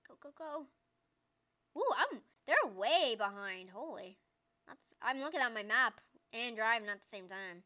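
Squealing and cheering at the screen, a young woman hosts her gaming channel and narrates the action with excitement. She speaks at a moderate pace in a slightly high voice.

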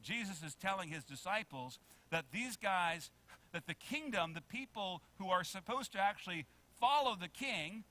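A man preaching a sermon in a church with a bright, ringing tone and a high-set voice. He is animated, acts out little quotes and keeps asking the congregation questions. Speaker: pastor. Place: church sanctuary.

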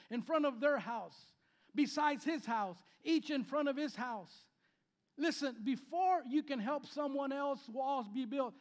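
A pastor in his fifties preaches with a high voice for a man. He swings between loud, emphatic lines and quiet asides, and he repeats key phrases as he goes. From Spanish-speaking background. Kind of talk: sermon. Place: church sanctuary.

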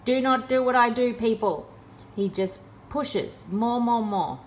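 A woman's voice: fairly high pitch, measured pace, a little hiss or hum. A woman in a casual vlog, talking in a sarcastic, exasperated way. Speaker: vlogger.

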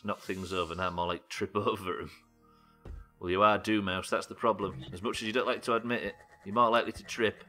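A man's voice: on the low side, pushed and bright. A British man streaming a game live, chatting with his viewers and muttering to himself while he builds. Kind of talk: live gameplay streaming, reading chat.

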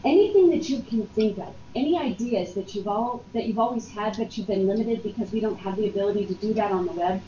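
A woman's voice: mid-range voice, fast talker, few pauses, mellow. Upbeat woman moderating a workshop. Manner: upbeat, encouraging, laughs easily. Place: meeting room. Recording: muffled, roomy, noisy.

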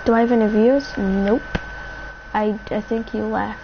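A woman's voice: mid-range voice, steady tone, moderate pace. A woman giving rambling, chatty live commentary on her game and talking to her viewers. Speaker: game streamer. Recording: dull lo-fi mic with faint hiss.

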